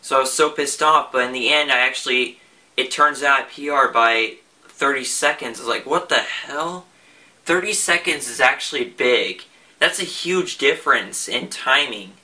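This vlogger is a young man with a mid-range voice that comes across pushed and bright at a moderate pace. His talk is casual and rambling, full of restarts and fillers, and he's positioned slightly far from the mic.

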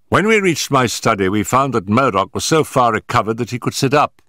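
A man narrating an audiobook in a deliberate, dramatic manner. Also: mid-range voice, animated, bright, forceful tone, dry recording, clean studio sound. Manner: deliberate and dramatic, in period prose. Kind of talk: scripted narration.

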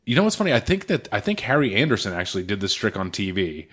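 A man's voice: fairly low pitch, big pitch swings, fairly bright tone. A man from Boston with a slight Boston accent, co-hosting a podcast and talking casually with many restarts. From Boston, USA. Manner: halting, repeats words when starting. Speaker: podcast co-host.

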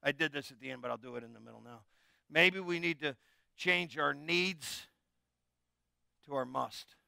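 Middle-aged male pastor, conversational jokey sermon with call-and-response, bright crisp voice. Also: on the high side, normal speed, dry recording, studio quality.

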